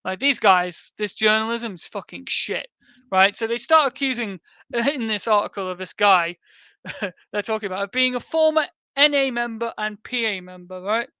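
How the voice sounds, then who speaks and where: A British man talks through a sweary, meandering rebuttal on his stream, often breaking into laughter. His voice is bright and crisp. The recording is close and dry. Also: sits high, moderate pace, no echo. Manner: profane, rambling, laughs often. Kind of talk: casual livestream rebuttal.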